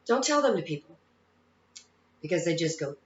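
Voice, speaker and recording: A woman's voice: on the low side, big pitch swings, normal speed. A woman psychic medium giving casual spiritual advice in a folksy, chatty way, often checking in with her listeners. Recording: echoey room, dull lo-fi sound.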